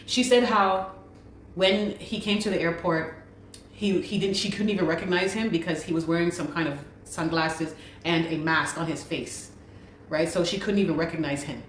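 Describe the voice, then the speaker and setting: A woman's voice: fairly low pitch, normal speed, a little hiss or hum. A woman telling her story as a guest, speaking urgently and repeating her pleas. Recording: echoey room recording.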